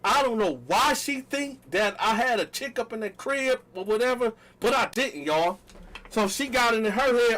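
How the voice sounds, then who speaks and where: A man with a high, bright, forceful voice tells a story in a casual monologue. He keeps turning to the viewers and acting out the dialogue with a lot of energy. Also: normal speed. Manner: animated, talks straight to viewers, acts out quotes loudly. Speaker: storytelling vlogger.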